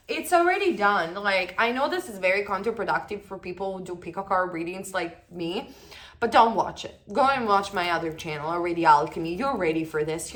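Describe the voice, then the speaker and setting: A woman giving a pick-a-card tarot reading, sure of herself and chatty. She hammers points home by repeating them and slows right down when she reads out the card messages. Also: mid-range voice, fairly bright tone. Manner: emphatic, self-assured and chatty, repeats lines for stress. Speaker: tarot reader.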